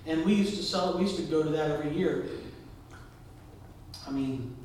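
A man's voice: fairly high pitch, moderate pace, noisy background. A man preaching a sermon as a pastor, telling a personal story in a conversational way and asking the congregation questions. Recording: very echoey hall from far off.

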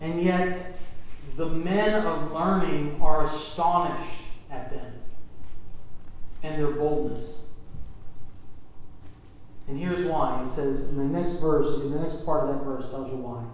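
High-voiced pastor in a very echoey room. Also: male voice, fairly even intonation, slow pace, pauses often, slight background noise. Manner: conversational preaching with asides and questions to the congregation. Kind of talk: sermon. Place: church sanctuary.

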